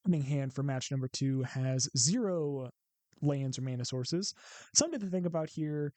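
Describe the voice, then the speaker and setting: A man's voice: medium pitch, moderate pace, mellow, dry recording. A man with a Midwestern accent casually commentating a card game, thinking aloud and counting out his plays. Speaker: gameplay commentator.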